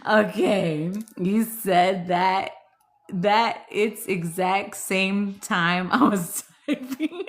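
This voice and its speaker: Giggly, slow-talking woman host. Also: medium pitch. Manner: giggly and teasing, laughs constantly; bawdy joking banter. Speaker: livestream host. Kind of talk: casual live chat with viewers.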